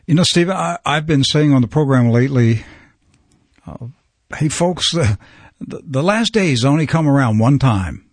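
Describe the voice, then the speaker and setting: A man's voice: mid-range voice, lively intonation, normal speed, no echo. A man hosting a religious talk program, speaking with fervent, preacher-like urgency. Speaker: program host. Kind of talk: religious talk show conversation.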